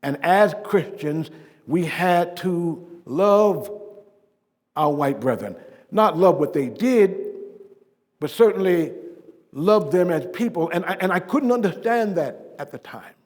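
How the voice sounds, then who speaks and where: A man playing a dignified civil rights preacher, telling his life story in a first-person stage monologue, with measured oratory that swells emphatically and drops to a hush. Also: sits high, lively intonation, big-room sound. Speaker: living-history performer. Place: stage performance.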